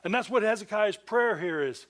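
High-voiced man preaching a sermon. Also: expressive, normal speed, fairly bright tone. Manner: earnest, conversational preaching with dramatized quotes. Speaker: pastor.

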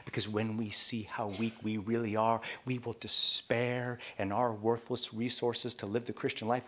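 A man preaching a sermon, swinging from loud, emphatic lines to hushed whispers and repeating key points. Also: medium pitch, level tone, normal speed, few pauses.

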